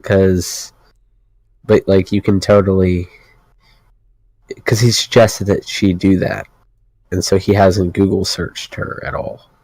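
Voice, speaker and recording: A man's voice: sits low, level tone, slow, long pauses, darkish tone, no echo, rough recording. A male podcast co-host chatting casually and rambling, with plenty of "like" fillers. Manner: rambling, full of "like". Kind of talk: casual chat.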